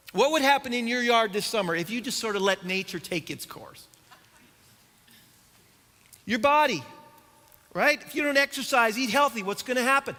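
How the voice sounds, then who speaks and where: In a church auditorium full of long echo, a middle-aged pastor preaches in an unusually high, bright voice. He keeps his sermon conversational, tossing in dry humor and rhetorical questions.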